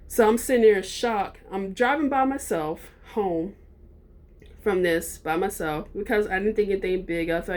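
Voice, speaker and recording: A woman vlogger telling a personal story in a casual, rambling way, with frequent ums and restarts. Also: medium pitch.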